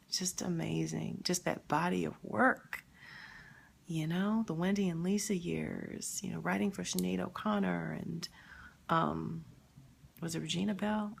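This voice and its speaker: A woman hosting a live stream, talking emotionally and haltingly, sad and near tears, pausing to answer viewer comments. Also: lowish voice, steady tone, gravelly, breathy edge. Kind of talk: grieving live stream reaction.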